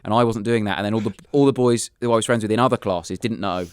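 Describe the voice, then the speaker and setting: In casual podcast storytelling, a British man in his thirties, a comedian guest, speaks fast in a lowish voice and animatedly acts out voices in funny anecdotes. The tone is clean and the studio sound dry and clean.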